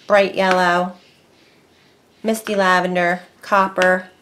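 A woman hosting a casual crafting video, chatting as she works. She is easily excited and thinks aloud between steps. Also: mid-range voice, unhurried, slight background noise. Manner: chatty, excitable, talks to herself while working.

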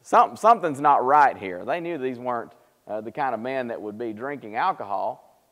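A man's voice: lively intonation, moderate pace, a bit bright. Man teaching a church Bible class. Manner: conversational teaching, acts out quoted speech with rising pitch. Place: church auditorium. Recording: long hall reverb of church live stream.

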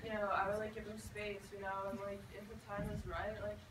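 A woman's voice: mid-range voice, monotone, a little fast, background noise, lightly acted. A young woman playing an apathetic expelled teenage boy, mumbling with likes in a live improv scene, recorded from far off on an echoey stage. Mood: bored. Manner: mumbling, bored, full of likes.

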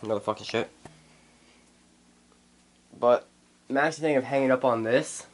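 A man's voice: medium pitch, normal speed. A man vlogging in a house, handheld camera, ranting and cursing in frustration. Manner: angry, swearing constantly. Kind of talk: casual vlog rant. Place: inside a house.

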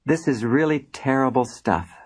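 A calm, wry male mystic pilot, as a man reads him, speaking in clipped, dry lines. His voice sits at an ordinary middle pitch for a man. He never hurries. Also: normal speed, slightly rough.

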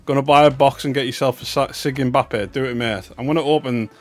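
A young North East English man streams himself opening cards, keeping up a glum, self-mocking livestream chat. He speaks fairly quickly in a medium-pitched, steady voice.

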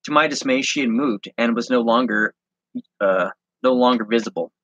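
A man reading his handwritten story aloud, halting and correcting himself as he goes. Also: mid-range voice, a bit bright, no echo, muffled recording. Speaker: online reseller and host.

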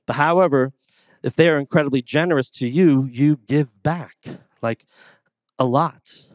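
A man preaching a sermon as pastor, telling casual stories in an animated, conversational way. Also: fairly high pitch, unhurried, no room sound. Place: church sanctuary.

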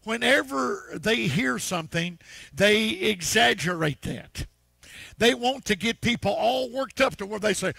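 A pastor preaches in a folksy, storytelling way, peppering his sermon with amens. His voice sits high and gravelly with a bright, husky edge. The sound is close and dry. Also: animated, a little slow, no echo. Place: church.

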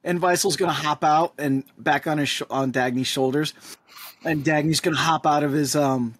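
A man playing in a tabletop game, talking in an animated, rambling way full of fillers. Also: fairly high pitch, normal speed, slightly rough, no echo, clean studio sound. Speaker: player.

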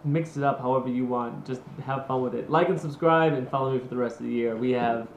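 A man's voice: medium pitch, fast talker, roomy sound, slight background noise. A man hosting a casual vlog, chatty and rambling, poking fun at himself. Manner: chatty, rambling, self-mocking. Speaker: vlog host. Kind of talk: casual talk to camera.

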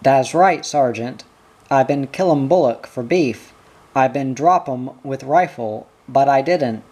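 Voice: mid-range voice, darkish tone, slightly rough, dull audio. A reader voicing a frightened, pleading stockman. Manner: broken outback English, halting and pleading. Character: frightened male outback stockman accused of murder.

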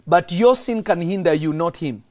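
A man's voice: sits high, moderate pace, a little mellow. A man preaching as a prophet on a podcast, stressing and repeating key lines and quizzing his listeners.

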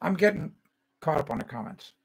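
A man's voice: a little high, expressive, a little fast, vocal fry, slightly rough, rough recording. An older man hosting a livestream, ranting angrily and repeating phrases, then reading viewer comments and answering by name. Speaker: host of a home-building show.

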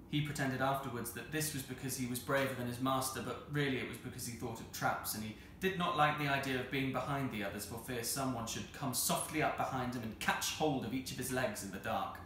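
A man reads a children's novel aloud in an expressive, measured way. His voice is bright. The very roomy hall carries a faint hiss. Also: medium pitch. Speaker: storyteller. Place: arts centre hall.

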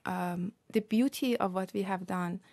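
A woman researcher being interviewed on radio, explaining her work in a measured, careful way. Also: medium pitch, darkish tone, dry recording. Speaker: researcher guest.

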